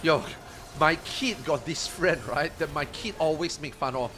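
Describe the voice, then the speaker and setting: A man streaming an online game in casual chat, excitable, swearing freely and repeating himself. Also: a little high, unhurried, background noise.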